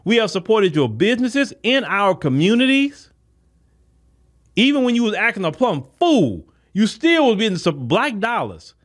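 A man's voice: high voice, sing-song, normal speed. A man. He is emphatic and repeats himself, in a casual podcast monologue. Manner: emphatic, repetitive, talks straight to listeners. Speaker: podcast host.

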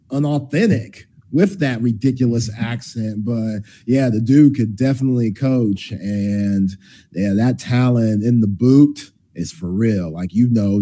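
A middle-aged man co-hosting a sports talk show, chatting loosely and easily. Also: medium pitch. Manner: relaxed, chatty, reads ad copy loosely. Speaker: co-host.

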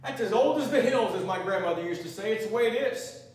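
A man's voice: sits high, expressive, quick pace. A man preaching a sermon, emphatic, swelling and dropping in volume as he quotes scripture, recorded from far off in an echoey church hall.

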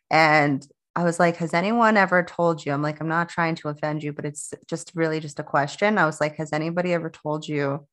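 A woman in her thirties with a fairly low speaking voice co-hosts a laid-back spiritual podcast. She rambles chattily, restarting sentences and laughing often. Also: fairly bright tone. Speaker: podcast co-host. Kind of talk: casual spiritual podcast chat.

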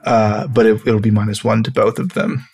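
A man's voice: fairly low pitch, flat delivery, normal speed, vocal fry, darkish tone, slightly rough. Brief: man at the game table, loose rambling delivery, casual cursing, faint music underneath. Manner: rambling, restarts, casual swearing. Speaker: tabletop game player and rules explainer. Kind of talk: casual tabletop role-play chat.

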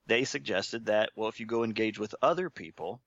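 A man being interviewed, telling his story in a relaxed, self-deprecating way and chuckling often. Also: fairly low pitch, brisk, no room sound, highs cut off. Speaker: interview guest.

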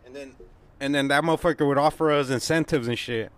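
A man's voice: medium pitch, quick pace. A young man co-hosting a casual chat, talking loose and slangy with lots of cursing. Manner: profane, laid-back, slangy. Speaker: podcast co-host.

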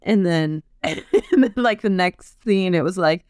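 A woman with a lowish, smooth, clear voice chats slowly on a podcast and laughs often. She takes her time over each thought. The sound is dry and close to the mic. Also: no echo. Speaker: podcast co-host. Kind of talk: casual chat. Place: basement podcast room.

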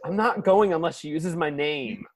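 A man's voice: fairly high pitch, normal speed, natural voice. A man voicing a fed-up, petty husband, griping and sarcastic, in an improv comedy podcast.

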